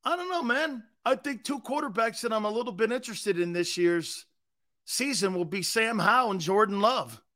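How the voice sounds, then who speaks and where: Brash, high-voiced sports talk host. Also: male voice, expressive, normal speed, bright, forceful tone. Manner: brash, profane, rambling, talks to chat. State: short on sleep, edgy.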